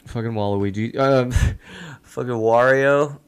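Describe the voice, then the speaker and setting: A man's voice: medium pitch, slow, clean tone. Male podcast host, casual and laid-back, swears freely, laughs often. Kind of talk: casual chat.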